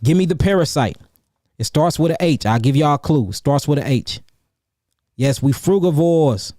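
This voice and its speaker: Male host, fairly high voice, dry close sound, animated live Q&A delivery with lots of repetition. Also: moderate pace, no echo. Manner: animated, calls out chat names and repeats himself for emphasis. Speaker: herbalist host answering viewer questions. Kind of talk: livestream Q&A, casual and preachy.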